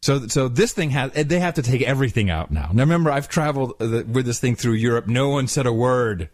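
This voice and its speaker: A man's voice: mid-range voice, lively intonation, a little fast, no echo. A man co-hosting a podcast, telling a travel story casually and acting out the people he quotes in mocking voices. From Netherlands. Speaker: podcast co-host.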